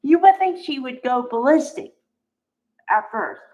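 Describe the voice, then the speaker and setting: A woman's voice: high-pitched, lively intonation, a little slow, darkish tone. A woman casually recapping a soap opera episode, chatty and exasperated, acting out the characters' lines. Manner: chatty, exasperated, acts out quotes. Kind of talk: casual spoken recap and commentary. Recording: dull lo-fi audio.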